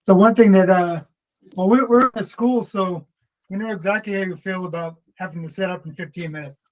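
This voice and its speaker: A man with a fairly high voice talks casually about setting up church services. He sounds easygoing and laughs between remarks. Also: a little fast, darkish tone, lo-fi sound. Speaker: church camera and livestream volunteer. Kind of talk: casual group chat.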